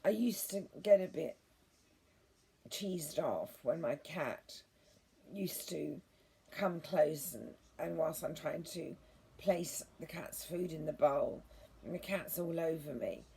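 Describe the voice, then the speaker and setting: A woman talking to her viewers in a gentle, earnest, meandering way, restarting her sentences often. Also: low-pitched, slow, gravelly, a little hiss or hum. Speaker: vlogger. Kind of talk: rambling monologue to viewers.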